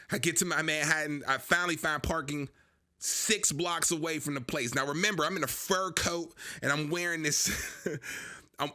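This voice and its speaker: A young man casually telling a long personal story, acting out what other people said to him. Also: a little high. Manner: animated, acts out dialogue with others.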